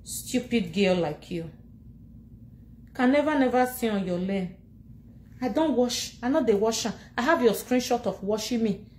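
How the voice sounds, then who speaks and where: Animated Nigerian Pidgin-speaking woman, echoey room. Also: fairly high pitch, normal speed. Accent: Nigerian Pidgin English. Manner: animated, laughing, scolding and mocking, switching languages. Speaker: social media personality. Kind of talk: animated casual rant to camera.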